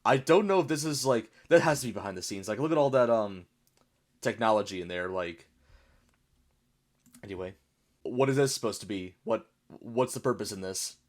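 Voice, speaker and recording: A man's voice: on the low side, expressive, normal speed, long pauses. Chatty man rambling. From United States. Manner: rambling, chatty explanations with frequent laughs. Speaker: YouTube reaction host. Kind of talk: casual reaction commentary.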